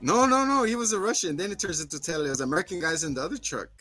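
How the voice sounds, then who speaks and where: A man's voice: sits high, fast talker, sharp tone, faint music behind. A man co-hosting a podcast, animatedly recapping an episode and acting out the characters' lines. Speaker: podcast co-host. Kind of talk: casual recap chat.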